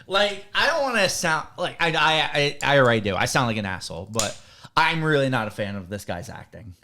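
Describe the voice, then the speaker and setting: A man's voice: medium pitch, very animated, a little fast, pushed and bright, slight background noise. Blunt, casual male podcast host. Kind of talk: casual chat.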